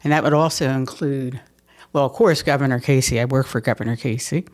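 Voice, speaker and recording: An older woman, telling stories from her life as a mayor in a lively, laughing way, often repeating words as she restarts. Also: a bass voice, fairly quick. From Pennsylvania. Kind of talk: conversational storytelling interview.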